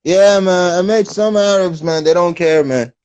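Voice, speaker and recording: A man with English speech tinged with an American lilt, hosting a casual livestream chat and explaining things in an animated way with street slang, on a phone mic. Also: high voice, normal speed, smooth, no room sound, muffled recording. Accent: English with a slight American lilt. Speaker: livestream host.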